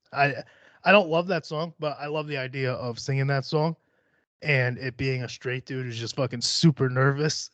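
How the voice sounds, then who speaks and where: A man's voice: medium pitch, fairly bright tone, dry recording, dull audio. A man hosting a podcast in casual chat, rambling and swearing freely, laughing often. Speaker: podcast host.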